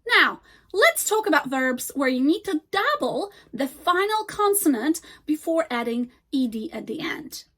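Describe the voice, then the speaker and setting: A high-pitched woman gives a scripted English grammar lesson. She slows right down to model each example word with care. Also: very animated, a bit bright. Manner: slow, deliberate modeling of example words. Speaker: English teacher.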